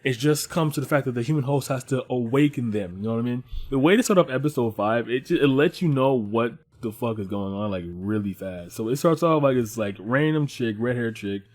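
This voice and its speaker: A man's voice: medium pitch, fairly quick, hardly any pauses. A young man reviewing an anime series in casual commentary, swearing freely, rambling and laughing as he tells stories. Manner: profane, animated and rambling with frequent laughs. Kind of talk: casual commentary and personal storytelling.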